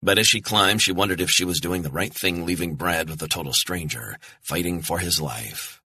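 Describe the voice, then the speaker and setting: A man narrating a thriller audiobook in a tense, measured way. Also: deep voice, sharp tone, slightly rough, dry recording.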